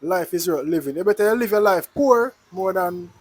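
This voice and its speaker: A man's voice: sits high, animated, moderate pace, faint music behind. A man with a Jamaican accent talking casually to his viewers in a vlog, earnest and repetitive, mixing in patois. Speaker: vlogger.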